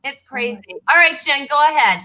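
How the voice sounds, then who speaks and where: A woman hosting a comedy talk show, speaking in a halting, playful way with lots of "uh" and restarts. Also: high-pitched, sharp tone, poor audio.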